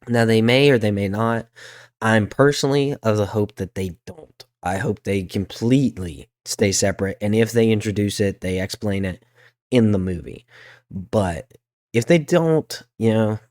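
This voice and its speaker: A man's voice: on the low side, normal speed, a little mellow, no echo, clean studio sound. A man co-hosting a podcast, shivering from cold while explaining things at length with hesitant fillers. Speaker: podcast co-host. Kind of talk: casual chat.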